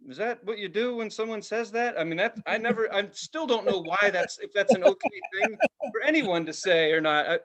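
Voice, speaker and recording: High-pitched and fairly quick, a man in his forties co-hosts a casual podcast conversation. He's an animated storyteller, cursing freely and acting out what people said.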